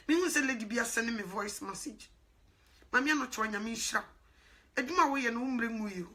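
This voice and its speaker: A woman evangelist preaching a sermon in an animated way, swinging from hushed asides to loud exclaims and laughing often. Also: a little high.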